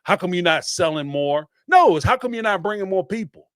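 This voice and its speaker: A man, hosting a podcast and ranting in an animated, emphatic way, with some swearing and repeated phrases. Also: high-pitched, brisk, no echo, studio quality. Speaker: podcast host. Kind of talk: casual commentary rant.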